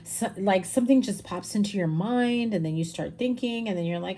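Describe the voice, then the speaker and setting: A woman's voice: fairly low pitch, moderate pace, few pauses, dark tone. A woman giving a casual tarot reading, chatty and rambling, tired. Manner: chatty, rambling, with fillers and laughs. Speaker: tarot reader.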